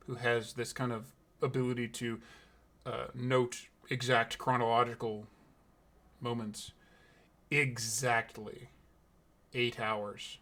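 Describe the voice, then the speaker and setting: A man, the game master, narrating a tabletop game in a slow, hushed, deliberate way. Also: medium pitch.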